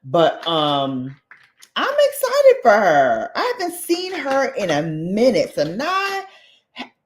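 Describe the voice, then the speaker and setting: A woman's voice: mid-range voice, wildly swooping pitch, slow pace. A woman vlogger in casual, gossipy chat, talking straight to her viewers with playful asides. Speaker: beauty vlogger.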